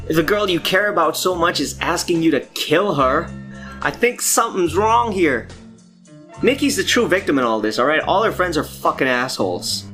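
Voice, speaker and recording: A man's voice: fairly high pitch, a bit bright. A man hosting a comedic movie commentary, ranting in an exasperated, profane way. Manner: profane, exasperated, fast-talking. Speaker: host.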